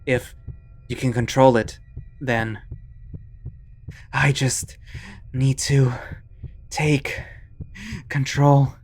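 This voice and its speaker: A man's voice: mid-range voice, steady tone, extremely slow, pauses often, a little mellow, slight background noise. A man voicing a panicking, anxious young man who gasps, repeats himself and pleads, in a visual novel. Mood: panicked.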